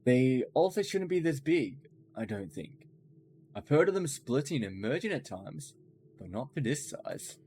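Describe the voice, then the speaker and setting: A man's voice: medium pitch, big pitch swings, a little slow, warm tone, slight background noise. A man voicing a scrappy goblin sidekick. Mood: musing. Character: scrappy friendly male goblin companion. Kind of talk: reading game dialogue aloud.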